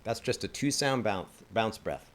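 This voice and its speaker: A man's voice: on the low side, lively intonation, unhurried, soft background music. A man teaching a didgeridoo lesson in a casual, enthusiastic way, chatting and laughing at his own slips. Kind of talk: casual instructional talk.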